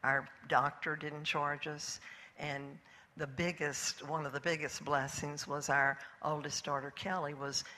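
A man's voice: on the high side, little pitch movement, a little slow, sharp tone. A man giving a grateful church testimony in a plain storytelling manner.

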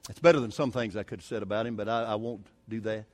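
A man's voice: fairly low pitch, fairly even intonation, fast talker. A man preaching a sermon, telling a personal story in a folksy, emphatic way with touches of humor. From Southern United States. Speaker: evangelist preacher.

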